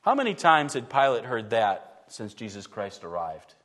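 A man's voice: fairly low pitch, sing-song, normal speed, fairly bright tone. A man preaching an expository sermon, vividly retelling the scene and asking the congregation rhetorical questions. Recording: long reverb in a large hall.

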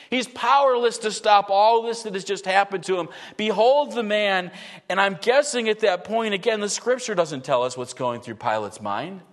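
A man preaching an expository sermon, vividly retelling the scene and asking the congregation rhetorical questions. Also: high-pitched. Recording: long reverb in a large hall.

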